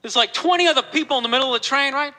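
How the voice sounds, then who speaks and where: A man's voice: very high-pitched, racing, pushed and bright, low-quality recording. A man doing a rambling stand-up routine, full of "you know"s, in a live recording with a crowd. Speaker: stand-up comedian.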